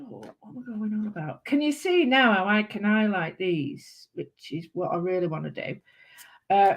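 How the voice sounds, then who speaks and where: A woman's voice: medium pitch, low-quality recording. A woman giving a chatty live craft demonstration, rambling and giddy, talking to her viewers with lots of exclamations. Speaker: craft tutor.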